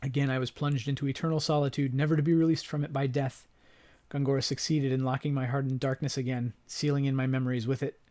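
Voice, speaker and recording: A man hosting a gaming channel, reading story text from the game aloud in a dramatic, expressive way. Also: mid-range voice, quick pace.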